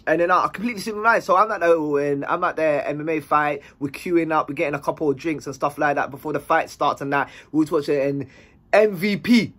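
A man's voice: a little high, fairly quick. A man telling a story in a casual, slang-heavy way. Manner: animated, slang-heavy, acts out dialogue.

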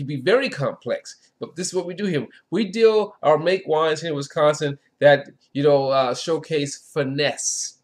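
A man's voice: a little high, a bit bright. A man hosting a casual wine tasting review, chatty and enthusiastic, with lots of filler phrases.

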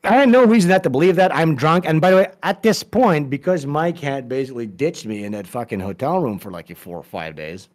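A man's voice: fairly high pitch, very animated, brisk, few pauses. A man telling a story as a podcast guest, casual, profane and rambling, with many restarts.

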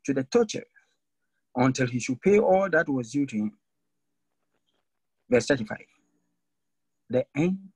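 A man preaching a sermon to a church congregation, swinging between raised, pointed lines and sudden low, emphatic drops. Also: breathy edge, no room sound, low-quality recording. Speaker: Methodist preacher.

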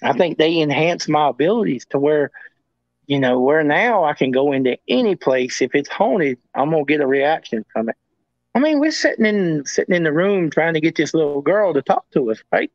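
A man's voice: fairly high pitch, big pitch swings, normal speed, dry recording. A man as a guest, telling stories in a rambling casual way and often repeating himself. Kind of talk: casual storytelling. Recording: dull lo-fi audio.

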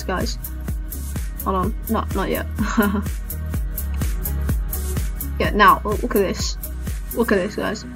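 A woman's voice: on the high side, fairly bright tone. A woman giving casual reaction commentary as a gaming YouTuber, who keeps exclaiming, cringing and laughing at herself.

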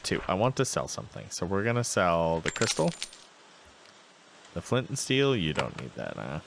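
A man's voice: low voice, big pitch swings, normal speed, gravelly, fairly bright tone, a little hiss or hum. A man giving casual gameplay commentary, chatting to himself and reading game text aloud. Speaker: let's play host.

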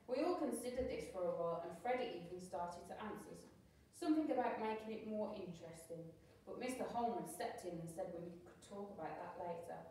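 A woman's voice: medium pitch, fairly quick, a little hiss or hum. A woman teacher reading a children's storybook aloud expressively, with the odd slip she corrects as she goes. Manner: expressive reading with small slips and self-corrections. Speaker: primary school teacher. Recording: very echoey room, voice from far off.

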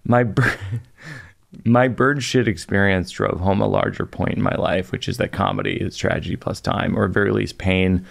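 Here a middle-aged man, a comedian and podcast host, relates a comic story in conversation, poking fun at himself with dry wit and playful asides. The voice is low, gravelly and steady, at a normal speed.

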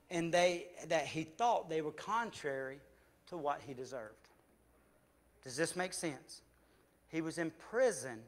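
A man preaching a sermon as pastor with a Southern US accent, swinging from loud emphatic passages to hushed ones. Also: on the high side. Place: church sanctuary.

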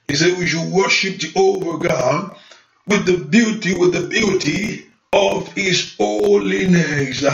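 A middle-aged male pastor preaching with fervor, slowing into drawn-out prayer and praise calls, sometimes speaking in tongues. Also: sits high, gravelly, fairly bright tone, lo-fi sound. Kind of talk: sermon with prayer. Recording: echoey room, faint noise.

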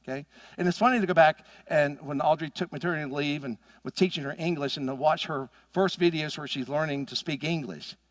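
Pastor guy preaching hard, kinda high voice for a man, dry close mic, gets loud then drops low. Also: a little fast, no echo. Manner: emphatic preaching, rising to loud peaks and dropping to quiet asides. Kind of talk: sermon. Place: church sanctuary.

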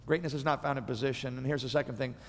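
A male pastor preaching a sermon in an animated, conversational way, often repeating and restarting his words. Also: mid-range voice, racing, gravelly, long reverb tail, a little hiss or hum.

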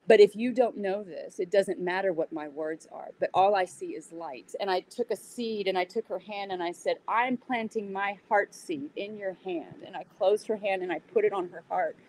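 Woman telling a lively story. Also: medium pitch, normal speed, hardly any pauses, slight background noise, rough recording. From United States. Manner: animated retelling with acted-out quotes. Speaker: interview guest, yoga teacher. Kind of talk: casual storytelling.

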